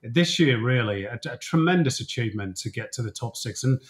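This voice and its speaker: Man, football commentator, casual interview chat, easygoing analysis, medium pitch. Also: brisk. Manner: relaxed, chatty analysis with frequent fillers.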